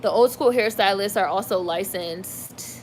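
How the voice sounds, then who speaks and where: A woman's voice: mid-range voice, unhurried, a little hiss or hum. Chatty woman gossiping on a livestream. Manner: chatty, animated, heavy use of "like". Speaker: livestream host reading chat. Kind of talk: casual celebrity gossip chat.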